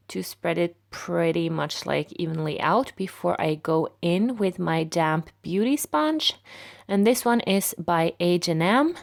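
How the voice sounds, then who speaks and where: A woman with a raspy voice narrating a makeup tutorial in a relaxed, step-by-step way. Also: fairly low pitch. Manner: relaxed, step-by-step explaining with fillers.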